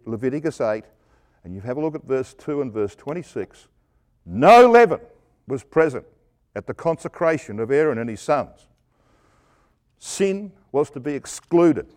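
With a fairly high pitch, a middle-aged preacher gives an emphatic Bible exposition, full of rhetorical questions. His delivery moves from loud, stressed words to hushed asides.

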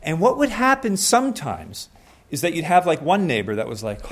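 A young man preaching a sermon in a conversational way, acting out little scenes with quick changes of voice. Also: on the high side, sing-song.

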